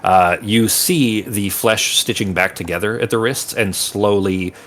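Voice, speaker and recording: Deep-voiced man rambling as game master. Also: a little slow, fairly bright tone, a little hiss or hum. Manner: rambling, searching for words, vivid descriptions. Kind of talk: narrating a tabletop game.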